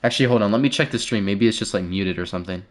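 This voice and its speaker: Racing along in a lowish voice, a male streamer gives live commentary on a game and reads its on-screen text. He goes from hushed, fearful murmurs to loud jolts of surprise and repeats brief phrases constantly.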